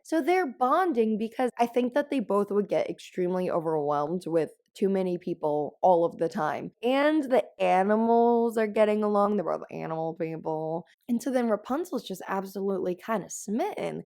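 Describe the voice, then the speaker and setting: Woman podcast host, casual chat, animated storytelling, gravelly edge, mid pitch. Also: normal speed.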